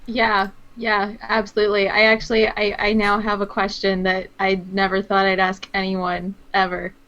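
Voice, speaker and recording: A woman's voice: medium pitch, completely flat delivery, normal speed, a bit bright, muffled recording. A woman co-hosting a casual web show, asking questions in a playful, teasing way. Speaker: show co-host.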